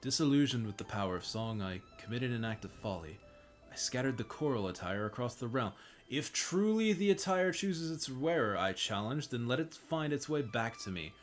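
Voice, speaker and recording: A man's voice: medium pitch, lively intonation, normal speed, faint music behind, lightly acted. A man reading the lines of a remorseful older male bard in formal, old-fashioned speech. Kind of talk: reading game dialogue aloud.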